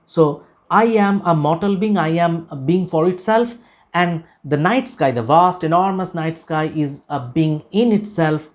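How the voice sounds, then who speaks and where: Slow, deliberate male literature lecturer. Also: fairly high pitch. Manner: deliberate and emphatic, repeats key phrases, frequent "uh" pauses. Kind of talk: recorded lecture explaining a poem.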